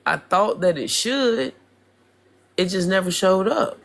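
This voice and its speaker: A guest on a livestream talking about losing a grandmother and faith, halting, restarting and filling with "like". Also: medium pitch, expressive, creaky. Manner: slow, halting, many restarts and "like"s. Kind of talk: casual chat.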